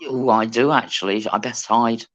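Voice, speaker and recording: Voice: medium pitch, steady tone, moderate pace. A British co-host chatting cheekily on a fishing livestream, telling stories and acting out what other people said. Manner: cheeky, chatty storyteller who acts out voices. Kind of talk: casual chat. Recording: muffled, lo-fi call audio.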